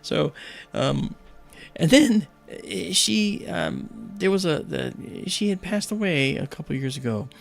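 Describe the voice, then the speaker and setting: A gravelly-voiced man hosting a livestream in a relaxed, chatty way. He talks with plenty of fillers and open enthusiasm. Faint music plays behind him. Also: fairly high pitch, slow. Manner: chatty, many fillers, enthusiastic about space. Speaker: livestream host. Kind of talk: casual storytelling.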